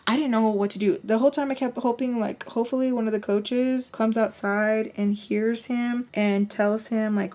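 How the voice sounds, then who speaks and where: A young woman vlogger telling a long story in a casual, animated way, talking straight to her viewers, with frequent "like"s and blunt swearing. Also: mid-range voice, moderate pace, hardly any pauses. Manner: animated, chatty, swears, addresses viewers as y'all.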